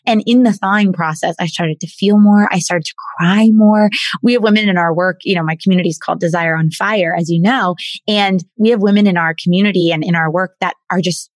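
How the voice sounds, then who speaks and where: A woman coach telling her personal story in an interview, earnest and animated, often repeating and restarting words. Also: fairly low pitch, fairly quick, no room sound. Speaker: guest, women's coach. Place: in Bali.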